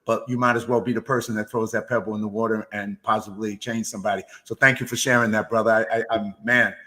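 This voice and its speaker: A man's voice: lowish voice, little pitch movement, fast talker, bright, forceful tone. A man hosting a podcast, affirming his guest with many stammered restarts. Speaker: podcast host. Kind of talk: casual interview chat.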